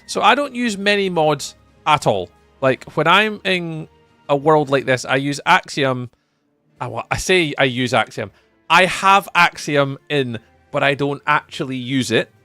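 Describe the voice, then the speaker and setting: On a casual live stream, a young man from Scotland reads viewer messages and answers them in an expressive, pushed and bright voice at a measured pace. He's chatty, jumps high when greeting viewers, and has faint music playing behind him with no room sound.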